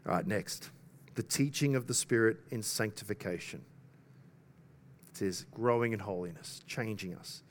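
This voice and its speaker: A man's voice: on the low side, normal speed. A man preaching a sermon in an earnest, conversational way, often turning to the listeners with rhetorical questions.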